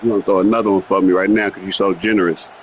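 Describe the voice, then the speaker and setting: A man's voice: low voice, level tone, very fast, slight background noise, poor audio. A man from Oakland, California, trash-talking his opponent during a video game, repeating his taunts again and again. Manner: taunting, repeats lines over and over. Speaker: gaming host. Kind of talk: trash-talking gameplay chat.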